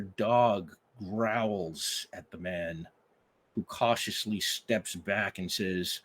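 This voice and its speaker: A man acting as game master, calmly setting the scene as he narrates a tabletop game. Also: lowish voice, takes it slowly. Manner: relaxed, scene-setting storyteller.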